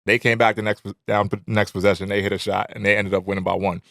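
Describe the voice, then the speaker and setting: A young adult man hosting a podcast, telling stories in a relaxed, profane way full of slang. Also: on the low side, quick pace, creaky, dry recording, studio quality. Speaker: podcast host. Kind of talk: casual chat.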